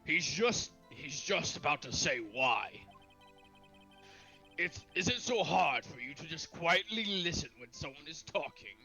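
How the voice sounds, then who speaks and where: A man's voice: on the high side, big pitch swings, a little slow, bright, forceful tone, soft background music, poor audio. A man on a casual live game stream who reads character lines aloud in a playful way and laughs often. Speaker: streamer reading game dialogue.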